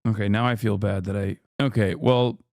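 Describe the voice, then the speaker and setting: A man's voice: lowish voice, steady tone, moderate pace, darkish tone, no echo. Man, casual streamer, sarcastic chat reading, dry close sound. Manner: sarcastic, amused, reads chat messages aloud in mock voices. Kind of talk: casual live-stream reaction.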